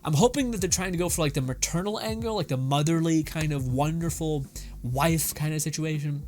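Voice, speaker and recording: A man hosting a casual anime reaction talk, animated and gushing, swearing often. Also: a little high, brisk, faint music behind. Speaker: anime commentary host.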